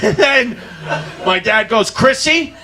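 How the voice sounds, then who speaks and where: A man doing stand-up, telling a story loudly with frequent laughter and a drunken slur. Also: extremely high pitch, lively intonation, slow pace, crowd noise, noisy background. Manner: loud, laughing, drunken delivery. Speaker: stand-up comedian. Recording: comedy club recording with ambience.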